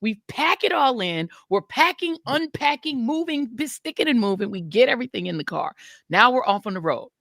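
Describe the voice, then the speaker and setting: A woman co-hosting a podcast, telling a story in an animated, laughing way. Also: on the high side, normal speed, vocal fry, no room sound, clean studio sound. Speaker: podcast co-host. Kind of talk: casual storytelling chat.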